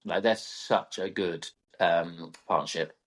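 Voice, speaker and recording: A man's voice: low voice, takes it slowly. Gushing, enthusiastic male podcast co-host. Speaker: podcast co-host, event rider. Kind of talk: casual chat.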